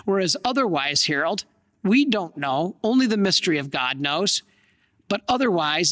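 Earnest priest preaching in a reverberant hall. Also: male voice, high voice, a bit bright. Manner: earnest, dramatic storytelling with pauses. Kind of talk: sermon storytelling.

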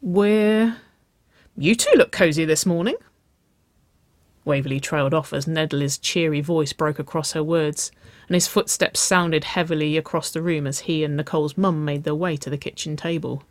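A woman narrating a story aloud at a slow, steady pace. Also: low voice, dry recording.

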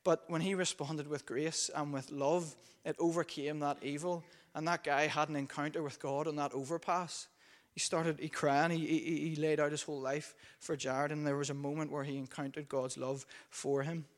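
A man's voice: a little high, level tone, normal speed. A man preaching a sermon, telling a story in a conversational way with frequent fillers. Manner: conversational, many fillers while recounting a story.

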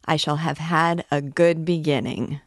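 A woman's voice: low-pitched, fairly even intonation, a little slow, no echo, clean studio sound. A woman reading as a cheeky reckless young student. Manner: cheeky, mocking.

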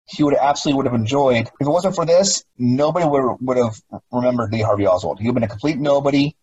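A man's voice: mid-range voice, quick pace, darkish tone, husky, muffled recording. A middle-aged man, a former police officer, talking emphatically as an interview guest, often repeating himself and asking rhetorical questions. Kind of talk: interview conversation.

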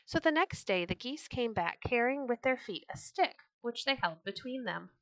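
A woman reading old children's stories aloud for a podcast, gentle and expressive. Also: a little high, normal speed, rough recording. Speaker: storyteller. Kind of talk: storybook read-aloud podcast.

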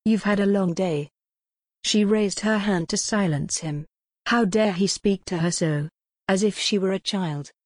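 A woman reading a gothic novel aloud as the audiobook narrator, in a measured, dramatic storytelling manner. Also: medium pitch, a little mellow, no room sound, clean studio sound. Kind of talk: scripted narration.

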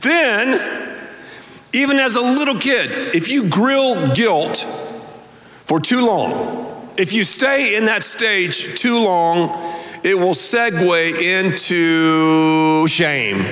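A man pastor preaching a sermon to a large congregation, telling a story with deliberate emphasis. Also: high voice, lively intonation, fairly bright tone. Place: large church auditorium. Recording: echoey large hall.

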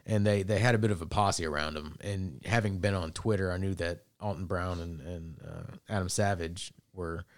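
A man's voice: sits low, normal speed, hardly any pauses, no echo. A man hosting a podcast, telling a story in casual chat, rambling with lots of restarts and fillers. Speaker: podcast host.

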